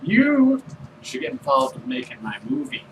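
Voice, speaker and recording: A man's voice: very high-pitched, very animated, normal speed, gravelly, voice pushed up, exaggerated voice. A man voicing a vain, money-hungry male movie star during a tabletop role-play, with a breezy, self-absorbed delivery. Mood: scheming. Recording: distant mic with faint noise.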